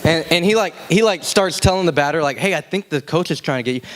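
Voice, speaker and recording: A young man preaching a casual youth sermon, telling stories and acting out shouted quotes in a high voice. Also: expressive, fast, slight background noise. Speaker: youth pastor. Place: church youth room.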